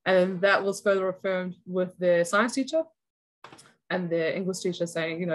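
A woman's voice: fairly low pitch, moderate pace, low-quality recording. A woman giving a conference talk, explaining cloak weaving step by step as an education analogy. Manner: explanatory, walks through a cloak sample step by step. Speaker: educator presenter. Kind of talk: conference presentation.

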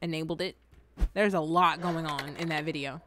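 A woman's voice: deep voice, steady tone, normal speed, a bit bright, slight background noise. A young adult woman chatting casually, telling funny childhood stories and reacting to comments. She laughs often and swears freely. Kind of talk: casual storytelling chat.

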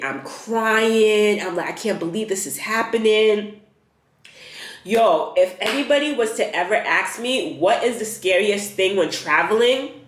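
Lively young woman vlogger, roomy sound. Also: lowish voice. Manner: animated retelling, acts out dialogue, slangy. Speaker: travel vlogger. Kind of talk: casual storytelling vlog. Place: rented apartment room.

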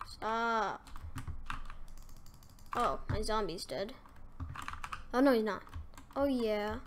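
A woman doing casual, self-mocking commentary over a game, excitable and prone to sudden gasps and yelps. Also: medium pitch, slow, background noise. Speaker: gaming commentator.

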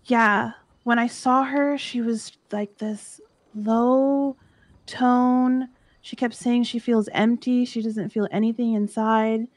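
A woman's voice: a little high, steady tone, slow pace, no echo. A young woman talking in character during a roleplay stream, earnestly retelling an emotional story.

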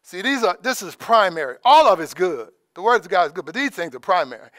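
A man giving an informal, conversational sermon as preacher, dropping in praise asides and trailing off softly. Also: sits high, very animated, quick pace, no echo, studio quality. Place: church in Alaska.

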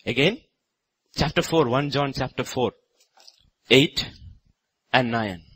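A man pastor from India preaching a sermon in a church, with sudden loud rises on repeated phrases. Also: mid-range voice, takes it slowly, slightly rough, no echo, poor audio.

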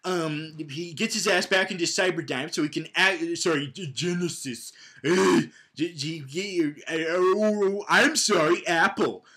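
A young man with a high voice rambles through a comedic movie recap. He stumbles over restarts and piles on fillers as he goes. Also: a little slow, few pauses, bright, forceful tone.

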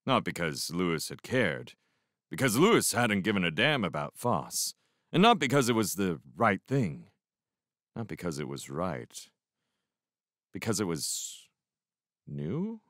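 A man narrating a novel in the first person as a fan audiobook reader, with an expressive delivery and reflective pauses. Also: sits low, no echo, studio quality.

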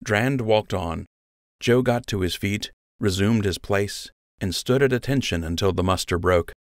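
A man narrating an audiobook in a steady, measured storytelling manner, read into a close microphone. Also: lowish voice, no echo. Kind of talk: scripted narration.

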